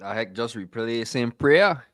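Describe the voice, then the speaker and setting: A man's voice: mid-range voice, lively intonation, unhurried, no room sound, clean studio sound. A young man co-hosting a casual podcast, laid-back and slangy, laughing often. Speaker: podcast co-host.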